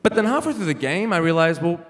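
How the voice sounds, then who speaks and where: A young man with a fairly high, very animated voice works the crowd at a comedy club, throwing punchy, self-mocking jokes through a handheld mic. The hall rings with a long reverb and a faint hiss sits underneath. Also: quick pace. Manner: punchy, wry, self-mocking delivery with frequent laughs. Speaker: stand-up comedian. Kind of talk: stand-up comedy set. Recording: live venue reverb with faint noise.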